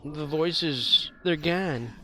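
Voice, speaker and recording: A man's voice: on the high side, drawn-out words, pushed and bright, slight background noise. A man streaming a video game, rambling and joking with profane asides in casual gaming commentary.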